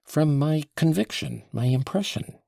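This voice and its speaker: A man's voice: fairly high pitch, animated, measured pace, gravelly, dark tone, no echo, studio quality, voice pushed up. A man voicing an agitated, passionate accused man in an audiobook, with heated, emphatic outbursts. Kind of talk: audiobook character voice.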